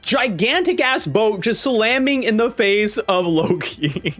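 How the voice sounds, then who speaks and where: A man hosting a manga reaction video, reading the chapter aloud and reacting with excitable energy. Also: high voice, takes it slowly, faint music behind. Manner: animated and excitable, acts out characters' lines. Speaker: manga reaction channel host.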